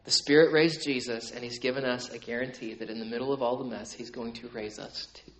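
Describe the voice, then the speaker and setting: A man preaching a sermon in a conversational way, with many "right?" tags, moving between loud emphatic stretches and quiet, low asides. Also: fairly even intonation, fairly quick, few pauses, low-quality recording. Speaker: pastor.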